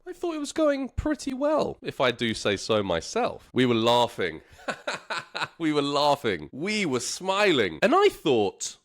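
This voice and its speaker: A man tells a story for learners, repeating phrases slowly and playfully. His pitch swings widely from high to low, and he sounds animated throughout. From London. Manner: slow, repetitive, playful and animated with laughs. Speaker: English teacher.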